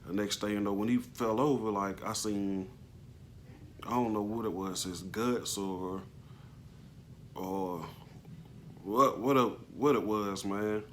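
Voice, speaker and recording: Guy with a lowish voice telling his story, loose and slangy, kinda halting and emotional. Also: fairly bright tone, slight background noise. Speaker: vlogger telling a personal story. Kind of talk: casual storytelling.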